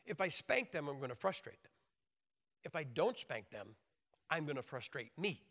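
Man, preacher, sermon, emphatic and joking, high voice, bright forceful tone, long hall reverb. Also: sing-song, moderate pace. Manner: emphatic, joking, acts out crying babies in high shouts.

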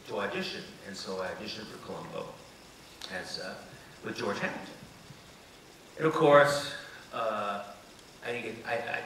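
A man, an actor and writer on a panel, telling comic anecdotes and acting out the voices in them, laughing often. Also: lowish voice. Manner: animated, acts out voices in his stories, laughs often. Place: event space with audience. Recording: echoey room, distant mic, background noise.

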